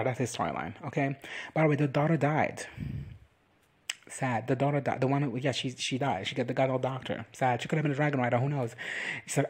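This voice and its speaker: Sassy husky-voiced man doing a recap. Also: mid-range voice. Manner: sassy, campy, swears freely, acts out characters in quick quoted lines. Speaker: reaction recap vlogger. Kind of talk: crude comedic recap commentary.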